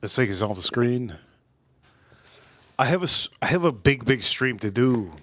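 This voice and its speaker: A man's voice: mid-range voice, animated, moderate pace, a bit bright, no echo. A man hosting a casual whiskey livestream, rambling and repeating himself with joking asides to his chat. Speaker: livestream host reviewing whiskey.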